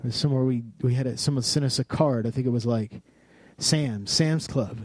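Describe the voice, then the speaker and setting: A man's voice: mid-range voice, moderate pace, no room sound. A man preaching a sermon, mixing playful storytelling and jokes with earnest, heartfelt exhortation. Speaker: pastor.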